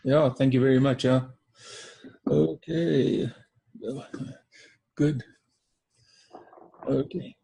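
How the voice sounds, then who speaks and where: South african man, webinar co-host, calm and reflective, mellow husky voice. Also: medium pitch, drawn-out words, pauses often. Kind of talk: casual webinar talk.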